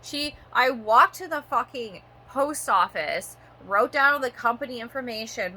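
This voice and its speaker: A woman's voice: a little high, unhurried, hardly any pauses, sharp tone. A woman in her thirties from Canada, ranting in a vlog monologue, swearing often and rambling with lots of "like" fillers. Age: 30s. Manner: profane, rambling, frequent "like" fillers.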